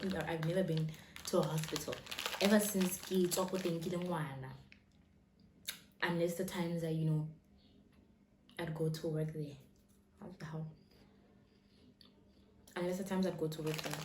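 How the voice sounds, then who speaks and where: Lively woman telling a story. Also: low voice, normal speed, pauses often. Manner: animated, dramatic retelling that mixes English with Setswana phrases. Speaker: vlogger telling a personal story. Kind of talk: casual storytime chat. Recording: roomy echo, faint background noise.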